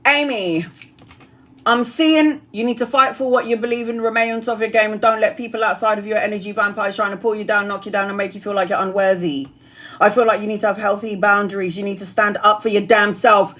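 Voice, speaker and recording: A woman's voice: medium pitch, steady tone, fairly bright tone. Chatty, blunt woman reading tarot live. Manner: chatty and blunt, swears casually, lists card meanings rapidly. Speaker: tarot reader.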